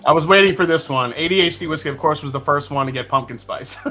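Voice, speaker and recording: A man's voice: on the high side, normal speed, pauses often, pushed and bright. A middle-aged man hosting a casual live stream, joking and swearing freely as he chats with a guest and reads the chat. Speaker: livestream host.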